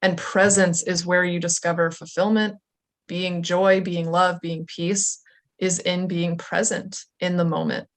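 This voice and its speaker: A woman coach answers interview questions in a reflective, measured manner. Her voice sits on the lower side for a woman. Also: level tone. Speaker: life coach guest.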